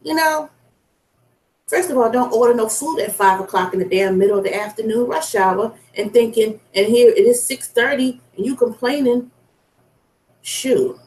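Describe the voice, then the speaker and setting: A food delivery driver vents in a casual vlog rant, blunt and profane. Her fairly high, darkish voice moves at normal speed, and the room gives it a roomy echo.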